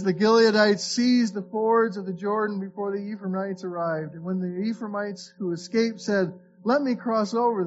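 A man's high-sitting voice carries this Florida pastor's conversational sermon as he reads scripture aloud, frequently restarting his words. Slight background noise sits under the dull audio.

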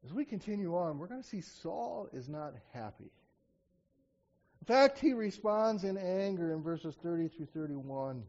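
A high-voiced man preaches in a relaxed, conversational way, breaking off to act out quotes with growing force. The recording is dull and lo-fi. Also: a little slow. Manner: conversational, acts out quotes with rising emphasis. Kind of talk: sermon with scripture reading.

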